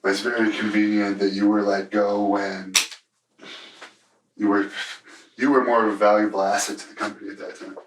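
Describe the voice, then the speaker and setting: A male interviewer asking even, probing questions. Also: fairly low pitch, moderate pace, reverberant, noisy background.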